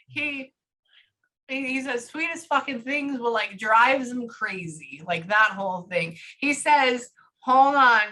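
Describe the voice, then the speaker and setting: Bright, chatty woman psychic medium. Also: a little high. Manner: rapid, chatty, swears casually. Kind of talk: live reading session.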